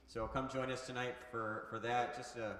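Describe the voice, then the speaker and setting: A male pastor giving relaxed church announcements, with plenty of hesitant fillers. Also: medium pitch, normal speed. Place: church sanctuary. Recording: echoey church hall.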